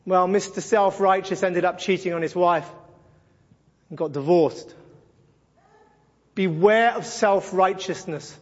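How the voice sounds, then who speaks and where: High-voiced man preaching bluntly in a hall. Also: animated, measured pace, pauses often. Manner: blunt, sarcastic, mimics voices for effect. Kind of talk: sermon-style Bible teaching. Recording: dull recording with long hall reverb.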